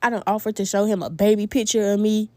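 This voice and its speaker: A woman telling a dating story to her viewers in a casual storytime vlog, animated and laughing as she talks straight to them. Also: mid-range voice, fast talker, no room sound.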